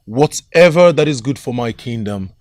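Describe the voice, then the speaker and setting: An actor playing a young prince, speaking firmly and with measured resolve. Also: male voice, medium pitch, lively intonation, darkish tone, no room sound, studio quality, natural voice. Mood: resolute. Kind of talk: Nollywood film acting.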